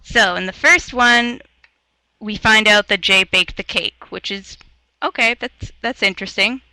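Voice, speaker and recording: Woman English tutor from Canada, bright slow delivery, dry close sound, encouraging. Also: medium pitch, dry recording, poor audio. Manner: patient, encouraging, explains slowly. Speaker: English teacher. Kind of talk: online English lesson. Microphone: video call headset or laptop mic.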